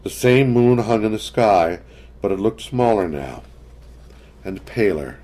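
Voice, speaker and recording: A man narrating a story in a measured, scripted reading. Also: lowish voice, animated, mellow.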